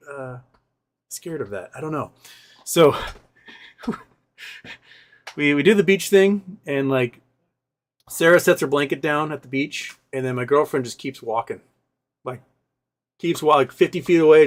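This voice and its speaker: A male host rambling through a personal story in casual talk, often acting out what other people said. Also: medium pitch. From Seattle area. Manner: rambling, animated retelling with quoted voices.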